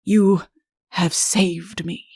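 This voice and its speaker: A woman voicing a self-pitying, deposed male king in an audiobook, speaking slowly and earnestly. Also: on the low side, steady tone, warm tone, slightly rough, no room sound, studio quality, exaggerated voice. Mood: plaintive. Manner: slow, earnest, imploring delivery. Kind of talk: audiobook character reading.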